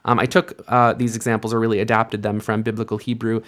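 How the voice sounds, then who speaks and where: A man's voice: on the low side, flat delivery. Patient male Hebrew teacher. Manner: patient, explains step by step, slows down to read Hebrew. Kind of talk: instructional lesson with slow read-aloud.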